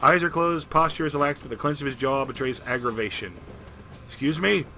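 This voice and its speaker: A man narrating a video game playthrough in a jokey, rambling, animated way. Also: medium pitch, quick pace, a little hiss or hum. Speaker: game streamer. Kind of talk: comedic let's-play narration.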